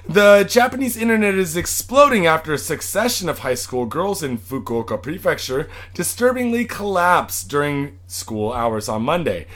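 High, lively-voiced man reading news, riffing. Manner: reads news items then riffs crudely, swears often. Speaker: podcast co-host reading news. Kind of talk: casual profane podcast banter.

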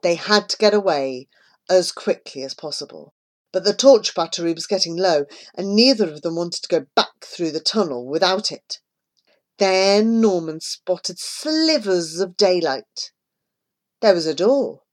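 A woman reading a children's story aloud in a measured, expressive way. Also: lowish voice. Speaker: narrator.

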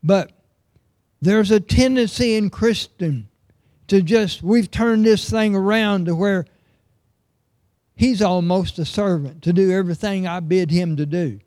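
Male preacher, middle-aged, higher voice, unhurried, emphatic sermon delivery, dry close sound. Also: a little mellow, dry recording. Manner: earnest, emphatic, reads scripture aloud.

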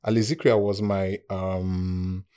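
Nigerian man telling animated stories. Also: low voice, slow. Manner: animated, acts out quoted voices, laughs often. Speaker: guest storyteller. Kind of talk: casual storytelling chat.

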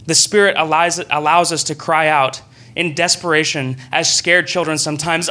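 A young man preaching a sermon in a church room, earnest and conversational, breaking into excited bursts. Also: on the high side, moderate pace.

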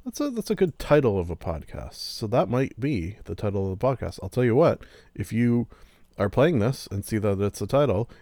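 A man's voice: fairly low pitch, very animated, moderate pace, mellow, no echo. A man hosting a solo podcast, rambling casually with goofy, self-mocking asides. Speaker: podcast host.

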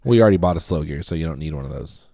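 A man with a very deep voice on a dry, close mic, chatting on a gear podcast. He teases the others in a dry, deadpan way. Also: rapid-fire, vocal fry, dry recording. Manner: dry, teasing. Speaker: podcast co-host. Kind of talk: casual chat.

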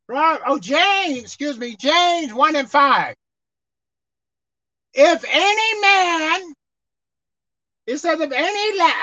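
High, animated woman preaching. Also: dry recording. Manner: animated, acts out pleading prayers, calls out to listeners. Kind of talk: sermon. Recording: muffled lo-fi recording.

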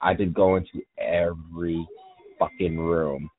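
A man's voice: sits low, fairly even intonation, unhurried, narrow, tinny audio, a little hiss or hum. A man chatting on a comedy podcast, rambling, swearing and laughing. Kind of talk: casual chat.

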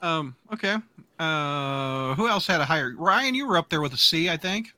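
Man, podcast host, very bright voice, lively pitch, punning, casual chat. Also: moderate pace, no room sound. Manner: punning, reads live chat aloud. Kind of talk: casual comic book review chat.

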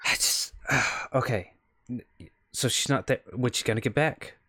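A man's voice: mid-range voice, a little slow, sharp tone, breathy edge. Man doing a paranoid, jumpy gunman. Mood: impatient. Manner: jumpy, swearing, stammering. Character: paranoid sweaty male gunman, jumpy and short-tempered.

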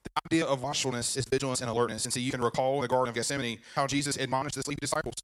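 Guy preaching quick, pastor voice, jokes with the room, talks to the crowd a lot. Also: medium pitch, poor audio. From Virginia. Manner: animated preaching with playful asides to the congregation. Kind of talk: sermon.

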